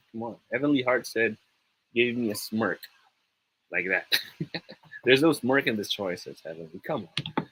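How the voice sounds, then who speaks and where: A man's voice: medium pitch, fairly bright tone, breathy edge, rough recording. A young man with a Filipino accent, teaching an upbeat and encouraging online pronunciation lesson, often slipping into Tagalog. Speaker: online tutor.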